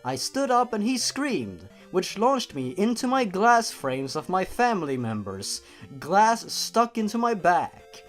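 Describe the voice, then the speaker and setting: A man reads a creepypasta aloud in a deadpan voice, then cuts in with sarcastic jokes. His pitch swings widely as he goes. Faint music plays softly underneath. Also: unhurried. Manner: deadpan reading broken by sarcastic asides. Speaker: YouTube narrator. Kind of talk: comedic story reading.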